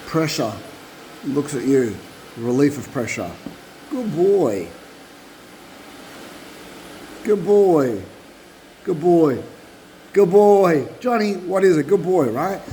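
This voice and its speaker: Male dog trainer, middle-aged, mellow-toned, animated and repetitive, recorded on a propped-up phone. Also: medium pitch, slight background noise, rough recording. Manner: animated, repeats himself, acts out dog voices. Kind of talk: casual instructional talk.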